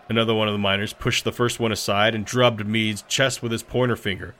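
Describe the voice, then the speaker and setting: A man reading a novel aloud as narrator, in a measured storytelling manner. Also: lowish voice, a bit bright. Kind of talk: audiobook narration.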